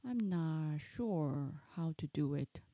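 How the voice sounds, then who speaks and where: Slow, mellow-voiced woman streamer. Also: sits low, lively intonation, no echo, lo-fi sound. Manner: thinking aloud, muttering while fiddling with audio settings. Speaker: game streamer. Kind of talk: casual live-stream chat.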